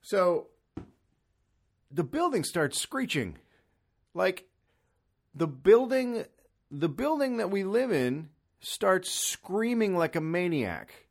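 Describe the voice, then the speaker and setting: A man hosting a podcast alone at home, ranting comically in an exasperated, profane way with sudden loud bursts. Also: sits high, sing-song, slow, creaky, pauses often. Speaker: podcast host. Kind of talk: solo comedic rant. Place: son's room in an apartment. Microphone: studio microphone.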